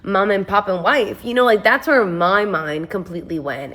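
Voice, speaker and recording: A woman telling a comic storytime for a vlog, animated and wry, with sarcastic asides and sudden jumps up in pitch. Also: measured pace, hardly any pauses.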